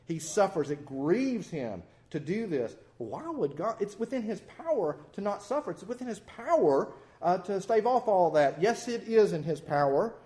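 Man preaching, high voice, very lively pitch, folksy and self-mocking. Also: normal speed, hardly any pauses. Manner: folksy, animated, self-deprecating humor. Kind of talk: sermon.

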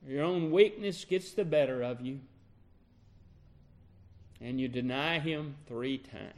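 A man's voice: medium pitch, takes it slowly. A male preacher delivering a sermon, retelling a scene dramatically and asking the listeners direct questions.

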